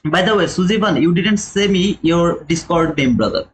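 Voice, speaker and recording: A young man with a non-native English accent streams live day-trading commentary, his voice on the high side and expressive at a moderate pace. He's chatty and repetitive, explaining the chart step by step, repeating key points and calling viewers "brother." The audio is poor, with a little hiss or hum.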